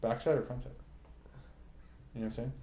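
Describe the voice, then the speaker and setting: A man's voice: medium pitch, fairly even intonation, a little fast, dark tone. A man co-hosting a casual podcast, teasing and firing off joking questions. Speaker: podcast co-host. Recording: roomy echo.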